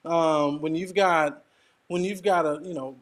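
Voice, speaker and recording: Higher-voiced man with an Arkansas twang. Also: fairly even intonation, unhurried. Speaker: guest DJ. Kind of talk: casual interview chat.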